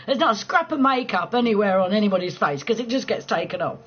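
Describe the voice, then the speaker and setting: A woman's voice: mid-range voice, lively intonation, fast, breathy edge. A woman in her forties hosting a casual late-night chat with viewers, laughing often, swearing freely and rambling through restarts. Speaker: live stream host chatting with viewers. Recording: dull lo-fi stream audio with faint noise.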